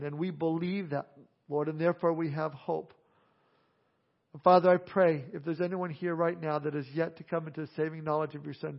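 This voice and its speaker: A male pastor preaching earnestly, slowing on key phrases, then leading a prayer. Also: fairly high pitch, gravelly. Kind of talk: sermon with altar call and prayer. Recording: dull lo-fi sound.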